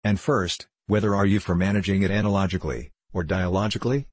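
Storybook squire, brash and scoffing, low husky voice, read by a man. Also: steady tone, fast, no echo. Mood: mocking. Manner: brash, scoffing, swearing oaths. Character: boastful rakish young male squire, mocking.

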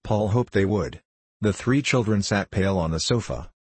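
A male narrator reads a classic novel in a steady, measured way. His voice is very deep and husky, recorded close with a dry, dead sound. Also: no room sound. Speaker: audiobook narrator.

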